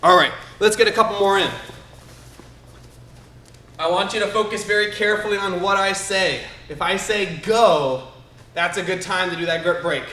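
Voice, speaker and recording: Upbeat high-voiced karate teacher, roomy studio. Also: male voice, moderate pace, long pauses, pushed and bright. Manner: upbeat and encouraging, calling out counts and commands. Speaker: martial arts instructor. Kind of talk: teaching a live online kids' karate class. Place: martial arts studio. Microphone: camera a few steps away.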